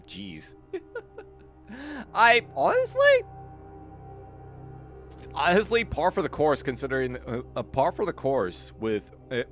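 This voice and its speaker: A man casually commenting on a mystery game during a live stream, chatty and wry, swearing and joking with the chat. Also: fairly low pitch.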